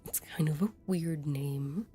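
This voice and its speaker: A woman's voice: sits low, a little slow, dark tone, faint music behind. A woman giving casual, chatty commentary while playing a video game. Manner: chatty, offhand. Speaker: gamer streamer.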